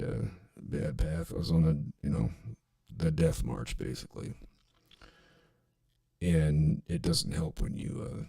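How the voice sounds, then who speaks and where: Deep gravelly man telling loose stories. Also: dark tone. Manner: rambling and profane, full of restarts and fillers. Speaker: podcast host. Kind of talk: casual storytelling monologue.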